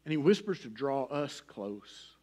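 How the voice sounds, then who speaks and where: A middle-aged man preaches a sermon with folksy personal asides. His delivery swings between loud, pressing emphasis and a soft, hushed near-whisper. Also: medium pitch, sing-song, a little slow. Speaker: pastor.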